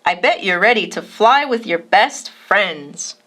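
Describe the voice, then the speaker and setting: A woman's voice: expressive, a little slow, fairly bright tone. A woman voicing a confident seven-year-old boy, the older brother in a children's storybook reading. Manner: bold, high childlike voice.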